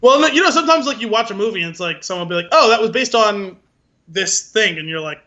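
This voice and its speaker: Bright-voiced animated podcast guy. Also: high voice, fast talker, muffled recording. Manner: animated, acts out movie scenes. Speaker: podcast co-host. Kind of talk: casual chat.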